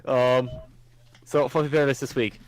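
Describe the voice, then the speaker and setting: A man's voice: mid-range voice, level tone, normal speed. A man co-hosting a podcast, recapping an anime episode in a rambling, casual way, acting out the characters' lines. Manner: rambling, lots of "um" and acted-out quotes. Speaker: podcast co-host.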